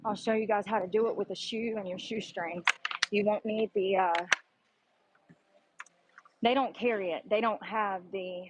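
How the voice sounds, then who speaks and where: A woman's voice: mid-range voice, steady tone, moderate pace, long pauses, muffled recording, background noise. A woman talking to her camera in a gym, blunt and profane, explaining her workout in a casual chatty way. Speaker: vlogger. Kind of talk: casual gym vlog talk. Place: public gym.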